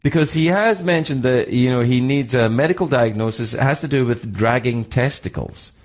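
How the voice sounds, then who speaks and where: A man's voice: mid-range voice, normal speed. A middle-aged man with a Scottish accent hosts a radio show in casual, rambling, jokey chat and swears freely.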